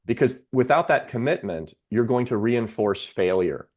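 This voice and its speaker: Here a man speaks in a mid-range, expressive voice that's a little mellow. He's a psychiatrist guesting on a podcast, giving explanatory interview talk in which he measuredly sets out ideas with examples.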